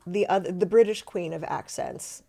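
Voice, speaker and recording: A middle-aged actress chatting as a podcast guest, self-deprecating and lively, slipping into voices as she tells stories. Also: on the low side, normal speed, creaky. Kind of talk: casual interview chat.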